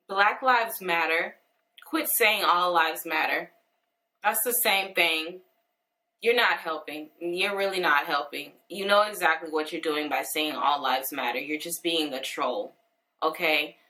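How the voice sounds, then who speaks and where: A young woman in a personal video monologue, tearful and earnest, pausing and restarting her sentences. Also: fairly low pitch, bright, forceful tone, poor audio. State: crying, tearful. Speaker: vlogger.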